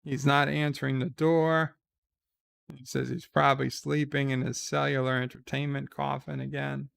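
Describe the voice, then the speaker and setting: A man giving live reaction commentary, retelling a TV episode in a slow, relaxed way with fillers. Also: mid-range voice, gravelly, clean tone, no room sound.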